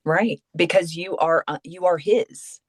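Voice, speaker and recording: A woman guest on a podcast, chatting casually about faith and telling a story in a lively way, acting out the voices of the people she quotes. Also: on the low side, a little slow, no room sound, clean studio sound.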